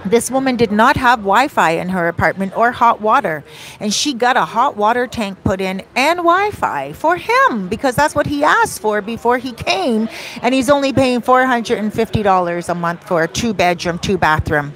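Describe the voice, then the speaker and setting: A woman vlogger telling a story in a casual, animated way, outdoors near a beach. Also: on the high side, moderate pace. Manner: animated, acts out quoted dialogue. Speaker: vlogger and life coach.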